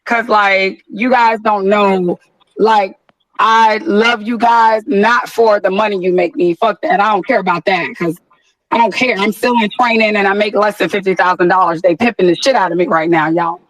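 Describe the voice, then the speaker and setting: A woman's voice: mid-range voice, steady tone, no echo, rough recording. Effusive, profane woman. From Atlanta, USA. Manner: effusive, profane, drawn-out words. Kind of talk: casual chat on an audio chat room.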